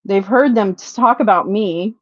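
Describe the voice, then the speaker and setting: A middle-aged woman hosting a livestream, venting with a lot of swearing, then apologizing and dropping to quiet mutters. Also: medium pitch, measured pace, dry recording. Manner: frustrated, profane, apologetic, swings between loud venting and quiet muttering. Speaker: livestream host. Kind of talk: unscripted livestream rant. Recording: dull, lo-fi, dry livestream audio.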